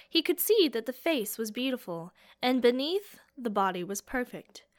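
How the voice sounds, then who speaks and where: A woman narrating a fantasy audiobook in a slow, measured, dramatic way. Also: on the high side, very animated.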